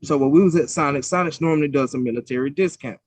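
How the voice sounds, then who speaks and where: A man's voice: a little high, fast talker, dry recording. Dry-voiced man telling a heated story. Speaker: podcast co-host. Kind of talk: casual chat.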